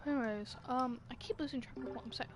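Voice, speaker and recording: A young woman with a slightly high voice giving live gameplay commentary. She chats to herself and yells at characters on screen in sudden bursts. A faint hiss sits under her voice. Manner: chatty, talks to herself and the game characters, quick bursts of shouting. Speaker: game streamer.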